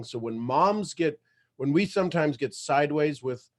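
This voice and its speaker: A man hosting a motivational livestream, talking in an emphatic, animated storytelling way. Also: a little high, normal speed. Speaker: motivational show host.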